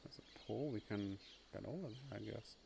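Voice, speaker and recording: A man's voice: lowish voice, brisk, creaky, dark tone, a little hiss or hum. A man casually commenting on his game playthrough, chatty and thinking aloud, often amused. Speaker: streamer.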